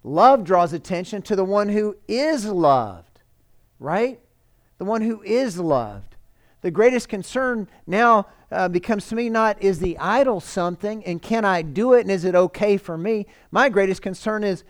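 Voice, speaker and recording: A man's voice: sits high, lively intonation, unhurried. Earnest man preaching a sermon. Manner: earnest, pleading, voice rising and dropping for emphasis. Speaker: pastor.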